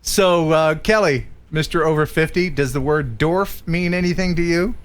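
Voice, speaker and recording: A man's voice: a little high, moderate pace, clear, resonant tone. An American man hosting a casual live stream, reading out viewer jokes and laughing often.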